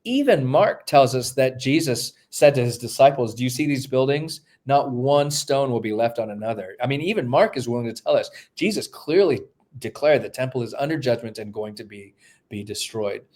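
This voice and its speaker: A man's voice: medium pitch, lively intonation, moderate pace, a little mellow. Man explaining scripture with many fillers. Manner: thinks aloud with many fillers and restarts; lecturing, walks through texts step by step. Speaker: guest, New Testament scholar. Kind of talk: explanatory podcast interview.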